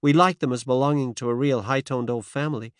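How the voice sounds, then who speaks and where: A man's voice: mid-range voice, steady tone, quick pace, clear, resonant tone, no room sound, studio quality, pitched above the performer's own voice, close to an everyday voice. A man reading the part of a determined, worried American woman of about thirty in an audiobook. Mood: confiding. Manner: earnest, worried pleading.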